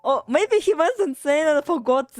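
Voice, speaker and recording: A woman's voice: high voice, lively intonation, normal speed, no echo. A woman streaming a game, chatting casually in rambling talk with many fillers and frequent swearing.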